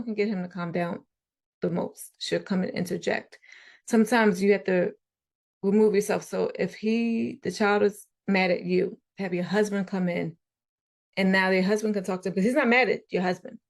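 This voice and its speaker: Casual podcast guest: woman with a gravelly voice, chatty and animated. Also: medium pitch, normal speed. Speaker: guest parent.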